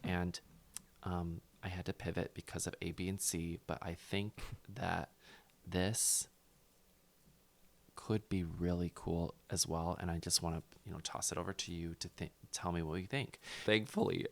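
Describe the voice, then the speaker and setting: Low gravelly man, animated storyteller. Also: unhurried. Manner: animated storytelling with loud yelps and laughs. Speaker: podcast co-host and former contestant. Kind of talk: casual recap chat.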